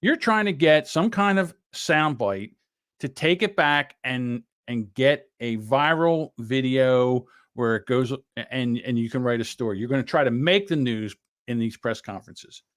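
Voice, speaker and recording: A man's voice: mid-range voice, animated, unhurried. A man hosting a podcast, giving blunt, rambling commentary in casual chat. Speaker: podcast host.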